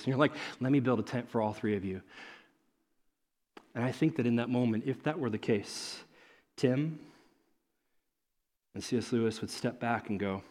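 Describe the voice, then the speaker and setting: Animated male pastor preaching. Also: fairly high pitch. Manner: animated, swings from loud excitement to soft hushed tones; acts out characters in quick asides. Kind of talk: sermon.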